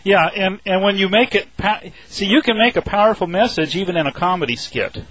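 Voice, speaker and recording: Man on dull lo-fi radio, halting. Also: high-pitched, fairly bright tone, no room sound. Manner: halting, many restarts and fillers. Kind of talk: casual radio talk.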